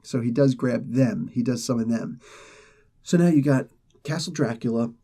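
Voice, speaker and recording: Male comic-show host, casual excitable recap, husky tone, mellow timbre. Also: mid-range voice, moderate pace. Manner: excitable storyteller, many fillers and restarts. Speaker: comic book reviewer, host.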